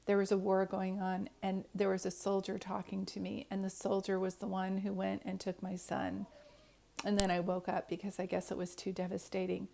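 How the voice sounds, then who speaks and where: A woman's voice: medium pitch, completely flat delivery, moderate pace, creaky, mellow. A woman, a psychic medium, earnestly telling a personal story to camera in a rambling way, often restarting her sentences.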